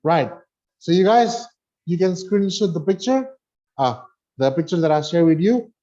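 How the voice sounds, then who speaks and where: A man teaching an online English lesson, slowly reading a dialogue aloud and explaining pronunciation with chatty asides. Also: high voice, expressive, dark tone, lo-fi sound.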